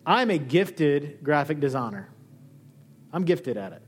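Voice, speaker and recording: A man preaching a sermon as a pastor, animated, acting out the dialogue he quotes. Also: a little slow, soft background music. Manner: lively, acts out quoted dialogue with shifting pitch. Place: church hall.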